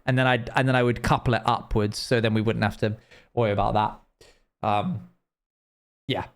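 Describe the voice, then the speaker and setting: A man's voice: on the low side, fairly even intonation, moderate pace. A young man chatting casually and rambling while he plays a game on a live stream, laughing now and then.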